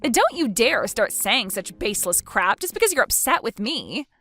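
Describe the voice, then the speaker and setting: Brief: woman reading as a high, stammering, indignant sister-in-law in a texting story. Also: very animated, normal speed, pushed and bright, soft background music. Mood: scornful. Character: shrill scornful sister-in-law, young adult woman.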